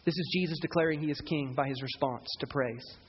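High-voiced pastor preaching in a hall. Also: male voice, brisk, breathy edge. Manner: rhetorical questions to the congregation. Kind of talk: live sermon. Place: church service. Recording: dull sound in a reverberant hall.

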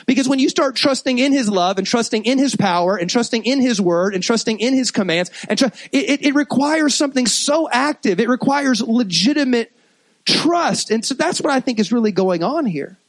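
A man with a high voice preaches to his congregation, animated and conversational, often stopping to restart a phrase. The sound is dry and close, with no room echo. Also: normal speed. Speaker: pastor. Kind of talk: sermon.

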